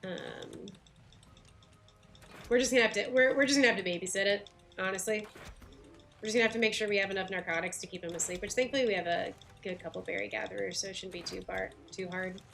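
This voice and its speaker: A woman's voice: mid-range voice, fast talker, vocal fry, fairly bright tone, slight background noise. A woman with a light Southern US accent streaming a game, chatting casually with viewers and laughing often. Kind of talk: casual livestream chat while playing.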